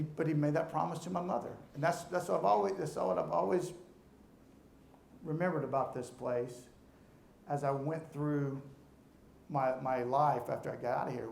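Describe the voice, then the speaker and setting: A man's voice: fairly high pitch, vocal fry, a little mellow, reverberant, a little hiss or hum. A middle-aged man gives a motivational speech to an audience in a room, talking earnestly and often repeating words as he starts sentences. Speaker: alumnus speaker.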